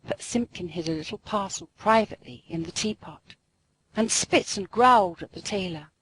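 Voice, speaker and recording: A woman narrating a classic storybook aloud in an expressive, sing-song way. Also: medium pitch, moderate pace, slightly rough, dry recording, low-quality recording.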